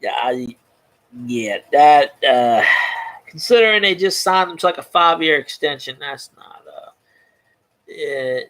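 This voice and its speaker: A young man rants about sports in a high, bright voice with wide swings in pitch. He curses freely and trips over his words, restarting sentences again and again. The sound is sharp and animated throughout. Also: a little slow. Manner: animated, profane, stumbling restarts. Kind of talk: casual ranting sports chat.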